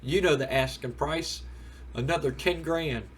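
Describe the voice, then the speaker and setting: A man voicing a gruff, blunt male mercenary brawler with a folksy way of talking. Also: a little high, a little slow, a bit bright, a little hiss or hum.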